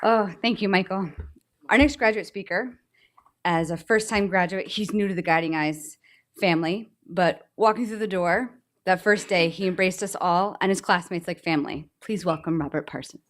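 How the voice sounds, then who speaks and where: A woman hosting a ceremony introduces the next speaker in a warm, formal way. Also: on the low side, moderate pace, slight background noise. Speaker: ceremony host. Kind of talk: announcing speakers.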